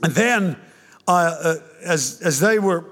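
An older man preaching a sermon, telling his own conversion story in an animated, joking way with many restarts. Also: a little high, takes it slowly. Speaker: pastor. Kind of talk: sermon with personal testimony. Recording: reverberant hall.

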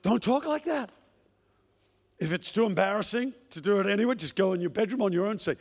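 A man's voice: sits high, lively intonation, brisk, big-room sound. A man preaching a passionate sermon to a congregation, acting out the words he quotes. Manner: impassioned, acts out the lines he quotes. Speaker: pastor. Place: church hall with a congregation.

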